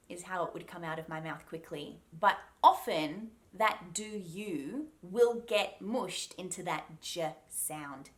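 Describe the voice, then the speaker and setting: A woman with an Australian accent teaching a pronunciation lesson, speaking deliberately and repeating each sound to demonstrate it. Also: medium pitch, lively intonation, a bit bright. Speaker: accent coach.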